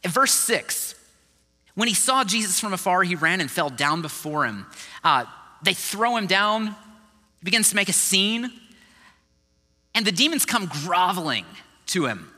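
A man preaching a sermon as a pastor, in a conversational, animated way. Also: high-pitched, a little slow, pauses often, big-room sound.

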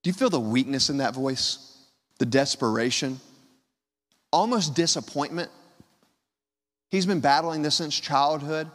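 A man preaching a sermon, his delivery swinging between hushed lows and loud, high cries. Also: expressive, a little slow, pauses often, long reverb tail. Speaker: pastor.

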